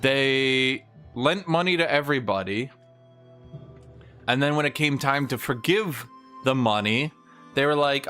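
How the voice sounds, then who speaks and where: A man's voice: medium pitch, sharp tone, smooth, soft background music. Profane, opinionated male streamer. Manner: mimics historical nations in quick asides. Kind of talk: casual livestream rant while gaming.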